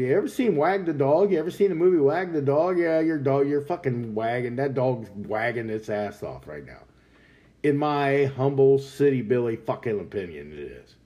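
A mellow-voiced man rants on his podcast, swearing freely and dripping with sarcasm. His scornful tone carries through a loose, talky delivery. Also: mid-range voice. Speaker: podcast host. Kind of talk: profane political rant.

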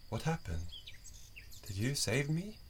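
A man's voice: medium pitch, big pitch swings, takes it slowly, a little hiss or hum, pitched above the performer's own voice. A man voicing a frightened, naive young woman in a storybook reading, asking hesitant, trembling questions. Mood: unsure.

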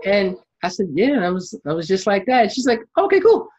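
A man telling a story in a casual chat, animated and acting out what people said. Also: high-pitched, fast talker. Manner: animated storyteller, acts out quotes, laughs while telling. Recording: dull lo-fi sound.

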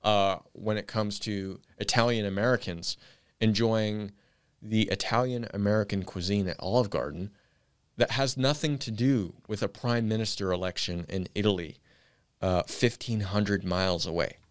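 A man's voice: fairly low pitch, moderate pace, clean tone, no room sound, studio quality. A man co-hosting a live news commentary show, talking in casual chat with sarcastic, wry remarks.

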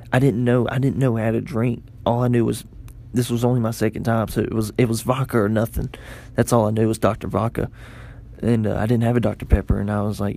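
Gravelly low-voiced young man telling a story. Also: warm tone. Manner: self-mocking, rambling with many restarts. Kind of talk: casual storytelling.

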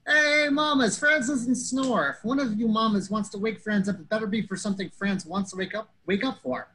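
A man's voice: sits high, normal speed, pushed and bright, husky, pitched above the performer's own voice, full character voice. A man voicing a big, sleepy college guy who bellows and talks about himself in the third person. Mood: bellowing. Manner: bellowing, says "hey, hey, mama".

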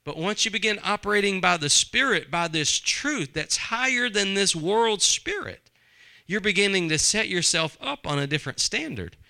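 A man's voice: sits high, sing-song, normal speed, creaky, pushed and bright. A man preaching a sermon, conversational and full of rhetorical questions to the congregation. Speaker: pastor.

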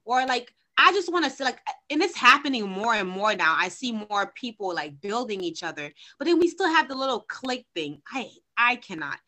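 A woman's voice: on the high side, animated, normal speed, few pauses, bright, forceful tone. A woman guest on a podcast, chatting casually and animatedly, acting out quotes as she tells stories.

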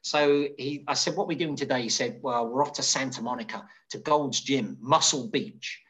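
A middle-aged man, a hairdresser, telling rambling stories as an interview guest, jumping up in pitch to act out what people said. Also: normal speed. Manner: animated, acts out quoted voices with sudden high pitch; rambling, many restarts and fillers. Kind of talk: casual storytelling.

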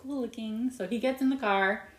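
A woman's voice: fairly high pitch, echoey room. Profane, rambling woman recapping a movie. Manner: profane, tangent-prone, rapid retelling with mock voices. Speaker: podcast co-host. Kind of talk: casual movie recap chat.

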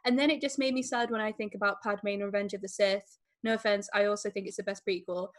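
A woman talking casually about a film, excited and chatty. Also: medium pitch, fast talker. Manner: excited, laughing often, chatty.

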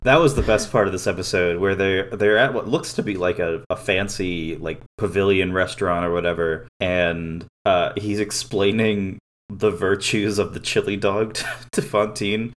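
A man with a very low voice co-hosting a laid-back podcast. He goes off on loose tangents and laughs easily between thoughts. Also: steady tone, moderate pace. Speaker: podcast co-host. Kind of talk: casual anime podcast chat.

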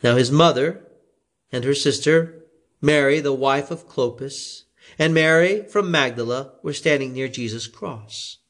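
A man reading scripture aloud in a slow, expressive way. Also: a little high. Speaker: scripture reader.

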